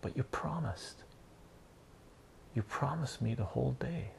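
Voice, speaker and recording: A man's voice: medium pitch, animated, a little slow, gravelly, a little hiss or hum, voice pushed up. A man voicing a whiny young boy in a whispered role-play comic reading, sulky and complaining. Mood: whining. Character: whiny young boy denied a fishing trip.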